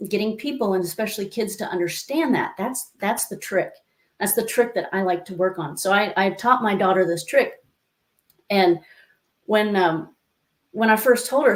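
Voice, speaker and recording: A woman life coach telling stories as an interview guest, lively and acting out the voices she quotes, with many asides to the listener. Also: medium pitch. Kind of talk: conversational interview storytelling. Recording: echoey room.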